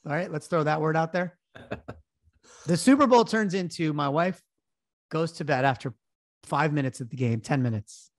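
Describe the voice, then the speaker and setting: A man's voice: fairly high pitch, normal speed, pauses often, dry recording, studio quality. A man in his thirties, a podcast co-host, telling a self-deprecating story in casual sports betting chat. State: recovering from illness.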